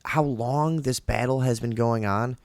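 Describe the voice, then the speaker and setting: A man's voice: mid-range voice, unhurried, dry recording. Profane ranting man, dry sound. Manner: heated, profane, rambling with restarts. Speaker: podcast co-host. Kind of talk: casual profane talk show rant.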